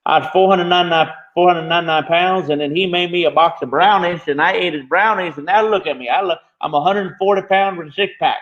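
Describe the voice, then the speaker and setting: A man's voice: high voice, quick pace, hardly any pauses, muffled recording, voice pushed up, lightly acted. A man putting on a silly exaggerated accent to play an overexcited male customer bragging about his weight loss. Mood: gushing.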